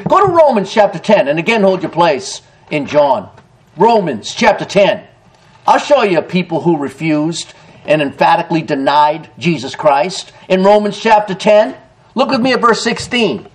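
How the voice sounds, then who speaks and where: Emphatic preaching man, lively high voice. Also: unhurried, low-quality recording. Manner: emphatic preaching, reads scripture aloud with rising emphasis; swings between loud declarations and low, quiet asides. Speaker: pastor. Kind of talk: sermon.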